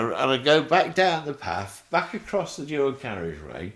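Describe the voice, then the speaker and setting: An older man, a guest telling an animated story and acting out the voices in it. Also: mid-range voice, moderate pace, hardly any pauses. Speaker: interview guest. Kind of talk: anecdotal storytelling.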